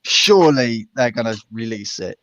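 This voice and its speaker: A man's voice: medium pitch, lively intonation, moderate pace, fairly bright tone, no room sound. A man with a West Country English accent, hosting a charity stream and chatting casually on a voice call, with lots of restarts and laughter. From England. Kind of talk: casual chat.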